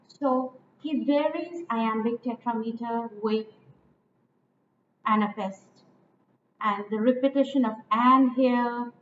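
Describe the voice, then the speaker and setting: A woman lecturing on poetic meter, slow and deliberate, repeating lines and stressing each syllable. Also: fairly high pitch. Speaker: literature teacher. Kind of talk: poetry lecture. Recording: echoey, tinny phone-like audio with faint noise.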